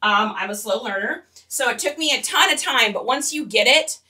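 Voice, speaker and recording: A chatty, giggly woman leads a casual livestream tutorial and talks straight to her viewers. Her voice is high and bright. She sits a little back from the microphone. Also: lively intonation, moderate pace, far from the mic. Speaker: online reseller teaching on a livestream.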